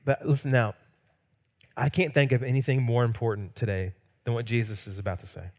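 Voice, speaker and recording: A pastor preaching a sermon, swinging between loud emphatic peaks and hushed quiet lines, sometimes acting out quoted lines playfully. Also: male voice, mid-range voice, fairly even intonation, brisk.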